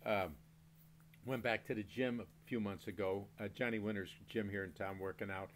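A man's voice: fairly low pitch, steady tone, moderate pace. Older guy rambling on his beer show, mild cussing, chuckles a lot, faint hum behind. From Maine. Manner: rambling storyteller, swears mildly, laughs often. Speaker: beer review host. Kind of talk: casual rambling monologue.

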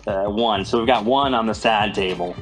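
A man's voice: fairly low pitch, moderate pace, soft background music. A man narrating as game master, loose and playful, often laughing.

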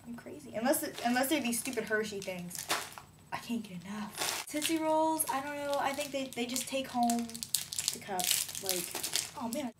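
A woman's voice: high voice, lively intonation, moderate pace, noisy background. A woman rambling playfully in a casual video diary, giggling often. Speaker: vlogger.

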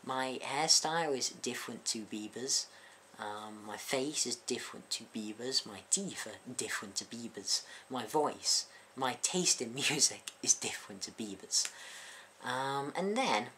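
A young man talks straight to camera in a loose, chatty vlog. His voice is bright and sharp-edged. He sounds openly bewildered and keeps asking exasperated questions. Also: medium pitch, lively intonation, a little slow, a little hiss or hum. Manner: baffled, exasperated, full of rhetorical questions. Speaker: YouTube music reviewer. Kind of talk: casual vlog commentary.

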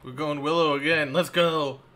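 Tipsy male streamer, bright voice. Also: on the high side, fairly even intonation, moderate pace. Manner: loose, rambling, joking with chat. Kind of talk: casual game-stream chat. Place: at home.

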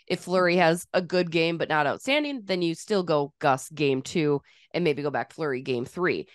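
A woman's voice: deep voice, lively intonation, normal speed, no echo, studio quality. A woman hosting a sports podcast, chatting casually with a playful, teasing and opinionated manner. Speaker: podcast host.

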